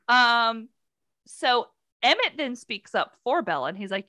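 Casual podcast co-host, woman, a bit high and very lively, dry close mic, sarcastic storyteller who acts out lines. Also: unhurried, no echo. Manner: animated retelling, acting out characters' lines with sarcastic asides. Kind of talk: casual chat recapping a book.

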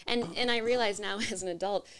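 A woman's voice: mid-range voice, steady tone, brisk, clear, resonant tone. A woman speaking thoughtfully about her own experience in a conversation. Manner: reflective, thoughtful. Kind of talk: reflective conversation.

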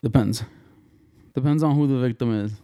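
A man hosting a casual podcast chat, animated and profane, laughing often and mimicking his friends in a high voice. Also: moderate pace. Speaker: podcast host.

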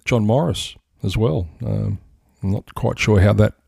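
A man's voice: on the low side, measured pace, creaky, darkish tone, husky, dry recording, studio quality. A man with an Australian accent hosting a casual sports podcast, wry and laughing as he steers the chat. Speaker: podcast host.

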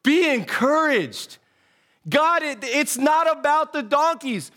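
Youngish guy preaching, really high voice, laid-back storytelling, says man a lot, earnest. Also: takes it slowly. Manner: folksy storytelling, says "man" and "dude" constantly; animated and earnest. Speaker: associate pastor. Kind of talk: casual devotional sermon.

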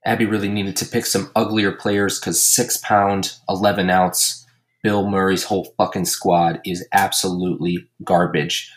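A man hosting a casual comedy podcast, recapping his fantasy league with crude jokes and deadpan roasts. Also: low-pitched, unhurried, slight background noise. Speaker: podcast host and league commissioner.

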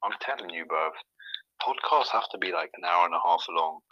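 A man's voice: low voice, lively intonation, fairly quick, muffled recording, a little hiss or hum. A young man, a podcast guest chatting casually and rambling with lots of fillers. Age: young adult. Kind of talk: casual chat.

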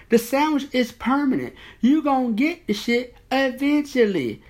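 A man's voice: very high-pitched, very animated, measured pace. A man hosting a podcast, delivering a profane, rambling comedic rant. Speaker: podcast host.

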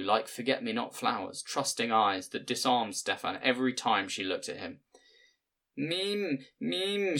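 A man narrating an audiobook in a measured, plain storytelling manner. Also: on the low side, a bit bright.

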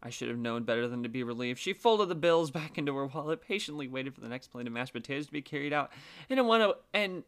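A man's voice: medium pitch, animated, fast, fairly bright tone, smooth. A man narrating a story casually, with wry, swearing asides.

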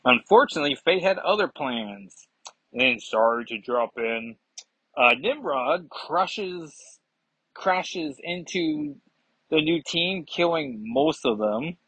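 Man, casual comic review, rambling, husky voice, dry muffled sound. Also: medium pitch, a bit bright, no room sound. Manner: chatty, rambling, self-mocking. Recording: dull lo-fi sound.

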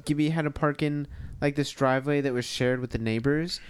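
Young male podcast co-host, higher pitch, smooth tone, loose rambling storyteller. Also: fairly even intonation, a little fast. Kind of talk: casual chat.

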